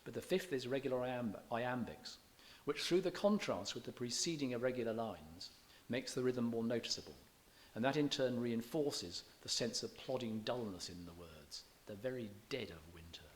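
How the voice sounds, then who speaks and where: A man's voice: medium pitch, animated, normal speed, few pauses. A man lecturing on poetry to an audience, chatty and digressive, often stopping to correct himself. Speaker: visiting lecturer in English. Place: church hall.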